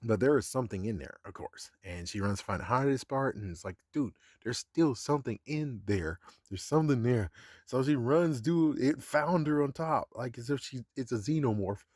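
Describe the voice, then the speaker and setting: A man's voice: mid-range voice, fairly quick, few pauses, darkish tone, no echo, clean studio sound. A man giving a casual episode recap, chuckling often and swearing in a sarcastic, offhand way. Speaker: show recap vlogger.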